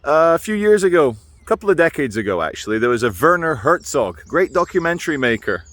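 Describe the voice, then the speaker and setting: A man's voice: a little high, very animated, fast talker, a bit bright, no room sound. A man rambling through a wry, meandering vlog monologue, musing aloud with asides while out on a walk and filming himself. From Britain. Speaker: video blogger. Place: outdoors on a walk.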